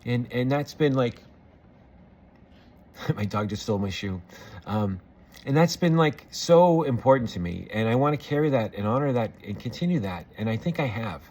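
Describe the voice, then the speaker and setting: A man's voice: mid-range voice, lively intonation, moderate pace, a little mellow. Earnest middle-aged man, rambling reflection. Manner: earnest, rambling with many fillers and restarts. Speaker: vlogger. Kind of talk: personal reflective monologue.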